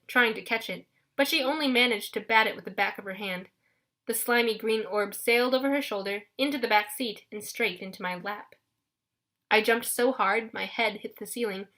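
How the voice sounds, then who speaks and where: A woman narrating an audiobook in a lively first-person storytelling manner. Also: mid-range voice.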